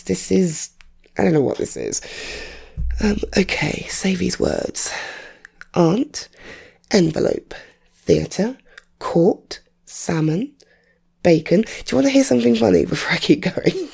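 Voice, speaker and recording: Chatty north london lady, english accent, rough gravelly voice, mellow low tone, rambles and jokes at herself. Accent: English, drifted from North London. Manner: rambling, self-deprecating, quick asides. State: rough, off-colour voice. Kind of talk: casual chatty monologue. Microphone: home recording setup.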